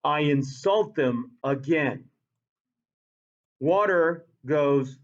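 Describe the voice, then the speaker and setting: Guy teaching science class, kinda high voice, slow and repetitive, muffled lo-fi sound. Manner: animated, repeats key points, quizzes students. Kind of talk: classroom lecture.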